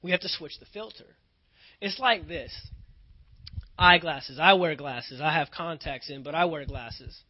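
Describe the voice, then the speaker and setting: A man's voice: fairly high pitch, a little slow. A male pastor preaching a sermon, earnest and emphatic, often repeating phrases for weight. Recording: dull lo-fi recording.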